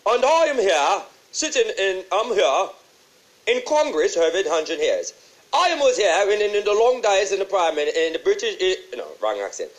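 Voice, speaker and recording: A man's voice: high-pitched, poor audio. Jamaican man as a chatty old banknote statesman, forgetful, voice bouncing up and down. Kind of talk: comedic impression.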